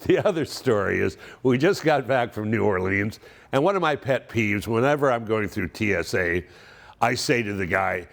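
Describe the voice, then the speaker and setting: Wry man in his seventies, lively voice. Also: medium pitch, normal speed, creaky. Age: 70s. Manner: wry, dry humor. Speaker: narrator of a yearly family letter. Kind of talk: storytelling monologue.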